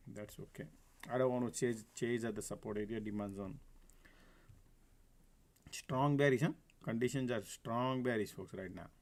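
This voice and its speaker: On a live stock trading stream, a man with a lowish voice and vocal fry gives running market commentary. He keeps it casual, addresses viewers as folks, and laughs frequently. He speaks into a desk mic, though at times he's sitting well back from it.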